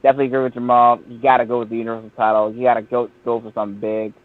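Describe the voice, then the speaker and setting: Animated man on a tinny line. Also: mid-range voice, very fast, no room sound. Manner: animated, profane, stumbling restarts. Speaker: podcast panelist. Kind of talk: casual chat.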